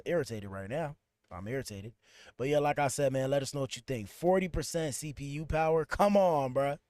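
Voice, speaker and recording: A podcast host is livestreaming from a computer streaming setup, chatting loosely with his viewers while fixing his stream. His mid-range voice has a darkish tone, and the audio is clean studio sound with no room echo.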